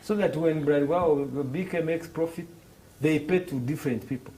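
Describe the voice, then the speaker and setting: A Rwandan man teaches finance in English with a mellow, slightly high voice. He bursts into acted dialogues and often restarts his phrases. Faint noise sits behind him. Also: normal speed, rough recording. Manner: animated, acts out dialogues in raised voices, hesitant restarts. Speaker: financial literacy instructor. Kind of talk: classroom explanation with acted examples.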